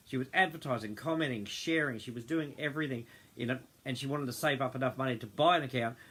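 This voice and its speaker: Aussie guy rambling on a livestream, lots of ums, keeps losing his thread, middle pitch. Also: a bit bright. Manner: rambling, loses his train of thought, many ums. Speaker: host of a group livestream. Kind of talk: unscripted casual livestream talk.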